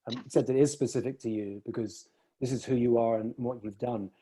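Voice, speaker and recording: A man's voice: medium pitch, fairly even intonation, brisk, dark tone, slightly rough. A man coaching a client one-on-one, reflecting her words back and telling stories to make a point.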